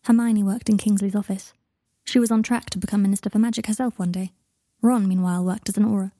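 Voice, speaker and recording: A woman narrating a story calmly and evenly into a close mic. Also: mid-range voice, quick pace, no room sound. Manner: calm, even narration. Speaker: audiobook narrator. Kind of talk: reading fan fiction aloud.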